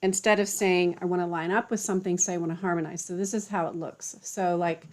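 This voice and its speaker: Young woman, low-ish voice, relaxed spiritual teacher, rambling casual talk. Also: quick pace. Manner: relaxed and chatty, many fillers.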